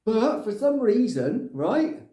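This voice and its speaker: A man's voice: sits high, very animated, slow pace, dark tone, heavily acted. A man playing a grumpy older Englishman who rambles and rants in a comic monologue, tagging his lines with "right?". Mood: grumbling. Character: grumpy older Englishman ranting about clutter. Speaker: comic character. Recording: echoey room.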